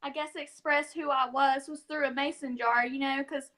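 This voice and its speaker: High-voiced young Southern woman. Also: fairly even intonation, moderate pace. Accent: Southern American. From Southern United States. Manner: giggly, warm storytelling with frequent laughs. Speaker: podcast guest. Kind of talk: casual chat.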